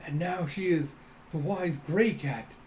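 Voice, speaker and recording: A manga reader voicing a stoic male fighter who muses slowly in the middle of a battle. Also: mid-range voice, a little mellow, slight background noise, natural voice. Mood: reflective. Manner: slow, reflective.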